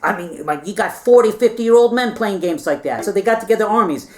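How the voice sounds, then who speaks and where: A man's voice: high voice, lively intonation, fairly quick, a little mellow. A man telling a history story in a meandering, chatty way, with playful asides and frequent check-ins with his listeners. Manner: chatty, meandering, keeps checking in with "all right?". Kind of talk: rambling casual history retelling.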